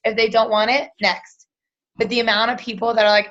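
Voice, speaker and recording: A woman's voice: on the high side, flat delivery, fast, a bit bright, lo-fi sound. A woman hosting an unscripted live Q and A, chatty and full of fillers, acting out quoted conversations. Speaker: team leader hosting a live Q and A. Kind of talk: unscripted live coaching chat.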